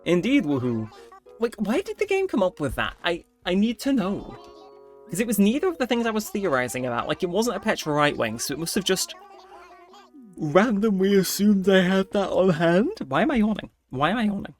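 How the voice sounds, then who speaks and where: A man giving chatty, rambling commentary while playing a cozy life-sim game, thinking out loud. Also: high voice, sing-song, normal speed, faint music behind. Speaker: let's play host.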